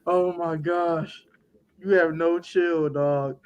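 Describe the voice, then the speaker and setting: A man co-hosting a casual sports talk show, animated and laughing often as he acts out other people's words. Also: fairly high pitch, slow, smooth, muffled recording. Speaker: podcast co-host.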